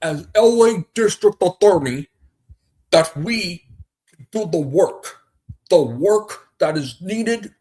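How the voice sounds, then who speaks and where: A man doing an impression of a pompous middle-aged district attorney, speaking slowly and emphatically with lots of repetition. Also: sits high, pitched above the performer's own voice, exaggerated voice, rough recording.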